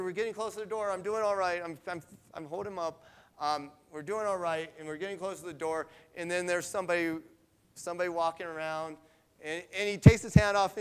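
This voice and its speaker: A man's voice: sits high, clean tone. A middle-aged man telling a personal story in a conversational devotional talk, often checking in with his listeners. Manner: conversational, often adds "right?". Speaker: devotional speaker.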